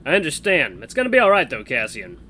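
A man voicing a friendly, straightforward young guard who talks loud and hearty. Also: a little high, wildly swooping pitch, fast talker, a little hiss or hum, heavily acted. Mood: reassuring.

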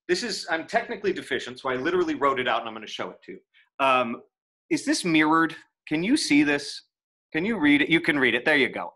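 Give me a man lecturing students in a casual, conversational way, mid-pitched with a bright tone. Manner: relaxed and conversational, many fillers and self-corrections.

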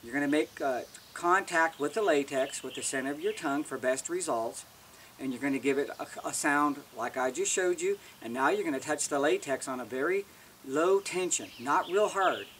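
A man's voice: a little high, animated, normal speed, a bit bright, recorded from a distance, a little hiss or hum. A man giving a casual, plain-spoken how-to demonstration as an elk-calling instructor, often restarting words.

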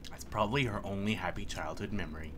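A man's voice: low-pitched, fast, noisy background. A man giving joking, sarcastic commentary while he plays a video game. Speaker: let's play host. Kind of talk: gameplay commentary. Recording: loud game music behind. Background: game music and sounds.

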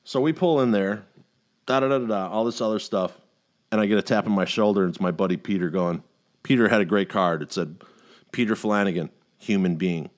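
This is a middle-aged man in a loose podcast chat, spinning an anecdote and jumping into quoted voices as he goes. His voice sits a little low, and he curses freely. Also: fairly quick. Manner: animated storyteller who swears freely and acts out quotes. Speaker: podcast host. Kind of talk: casual storytelling chat.

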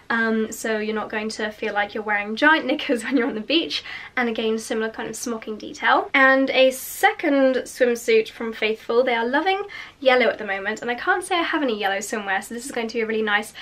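A woman's voice: on the high side, a bit bright. A young woman with a slight cold and a nasal voice, chatting through her new clothes in a casual fashion haul. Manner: chatty, gushing about clothes. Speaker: fashion vlogger.

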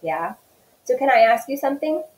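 Lady reading shy hurt little boy from a storybook, quiet, roomy echo. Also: high-pitched, sing-song, brisk, voice pushed up. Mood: subdued. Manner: quiet, reluctant. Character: shy hurt ten-year-old boy.

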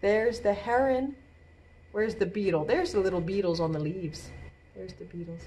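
A woman librarian leading a storytime for babies on a video call, reading aloud in a playful sing-song way with soft asides. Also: medium pitch, normal speed, a little hiss or hum. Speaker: children's librarian.

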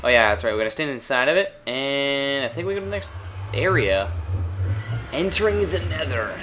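A young man with a Canadian accent giving casual, rambling gameplay commentary, unsure of himself, with drawn-out words. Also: medium pitch, lively intonation, bright, forceful tone, a little hiss or hum. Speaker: gaming video maker.

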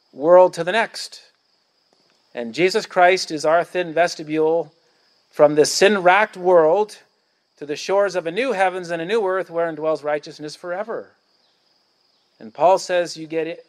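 A male pastor preaching a sermon outdoors at a church picnic, emphatic and declamatory, hammering points through repetition. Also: fairly high pitch.

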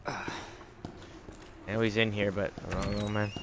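A man's voice: fairly low pitch, little pitch movement, slow pace, heavy background noise. A man streaming a horror game live, talking to himself, out of breath and swearing as he gets chased. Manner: jumpy, swears, yelps when chased. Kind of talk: live gameplay commentary.

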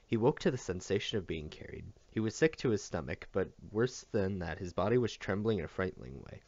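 A man reading a novel aloud as scripted narration, in an expressive storytelling manner. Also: sits low, fairly quick, vocal fry. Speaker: audiobook reader. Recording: dull dry recording.

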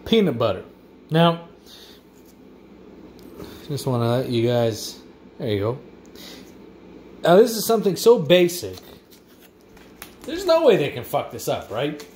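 A man's voice: fairly high pitch, sing-song, measured pace, long pauses, darkish tone. A man, casually reviewing food in a vlog with crude, profane, rowdy banter. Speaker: vlogger. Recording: faint background noise.

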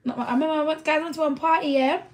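A woman, hosting a livestream and telling stories in a casual chat, laughing often and quoting friends in animated bursts. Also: sits high, rapid-fire. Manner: laughs often, animated retelling with quoted voices. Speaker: livestream host.

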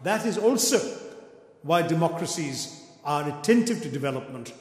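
Indian english guy lecturing, wry storyteller, voice a bit high, big roomy hall echo. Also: expressive, normal speed, darkish tone. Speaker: guest lecturer. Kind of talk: public lecture with anecdote. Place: auditorium. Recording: echoey auditorium with long reverb.

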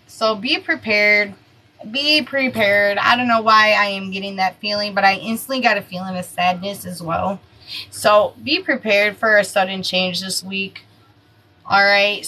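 A woman in her thirties giving a casual weekly tarot horoscope reading, animated and breathless, swearing freely. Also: mid-range voice, poor audio. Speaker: tarot reader.

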